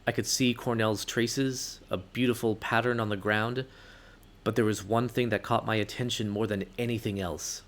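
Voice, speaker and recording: A man reading a story game aloud in the first person, expressive with sudden outbursts. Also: lowish voice, normal speed.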